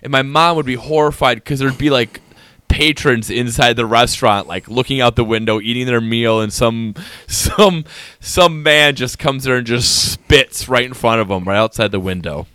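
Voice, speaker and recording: Male podcast co-host, bright tone, dry mic, rambling anecdotal delivery. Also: mid-range voice, moderate pace, clear, resonant tone, no room sound. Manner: rambling storyteller, many "like" fillers. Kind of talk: casual chat.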